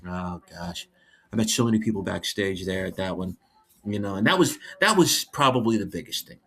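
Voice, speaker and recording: A man, a guest on a podcast, telling backstage stories in an animated, laughing way and acting out what people said. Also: low voice, brisk, breathy edge. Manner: lively, laughing, acts out quotes. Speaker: guest, former head of wrestling security.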